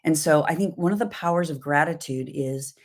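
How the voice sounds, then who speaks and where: A woman's voice: deep voice, a little fast. A middle-aged woman from Southern California co-hosting a livestreamed devotional talk, telling personal stories in a reflective way. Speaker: co-host.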